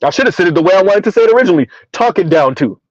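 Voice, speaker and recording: A man's voice: high voice, lively intonation, racing, dry recording, lo-fi sound. A man from the US South giving sarcastic, mocking reaction commentary and reading out chat comments. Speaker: commentary streamer.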